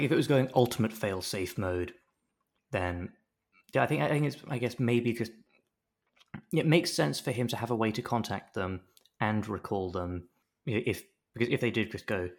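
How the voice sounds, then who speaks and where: A man with a fairly low voice talks at a moderate pace, leaving long pauses. He's co-hosting a podcast that recaps a TV episode, keeping things casual and animated as he jokingly performs quotes in assorted voices.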